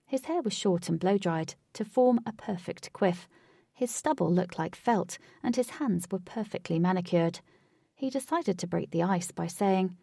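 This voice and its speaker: Gravelly woman narrating a story. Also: medium pitch, mellow, dry recording, clean studio sound, far from the mic. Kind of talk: audiobook narration.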